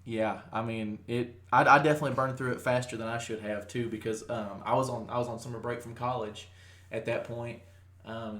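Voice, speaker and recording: A man's voice: mid-range voice, a bit bright, roomy sound. A young man in his twenties co-hosting a casual podcast, rambling with fillers and restarts. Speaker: podcast co-host. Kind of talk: casual chat.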